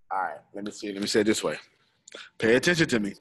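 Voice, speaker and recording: A man's voice: lowish voice, big pitch swings, fast talker, a bit bright. A man leading a live group lesson, repeating his points and calling on listeners by name. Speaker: teacher of a study group. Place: room with a small live audience.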